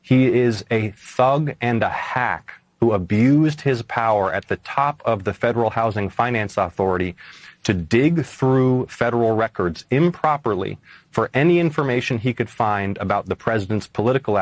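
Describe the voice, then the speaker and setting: A man, a senator and candidate, answering a broadcast interview question in an earnest, urgent and forceful way. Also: on the low side, normal speed, dry recording.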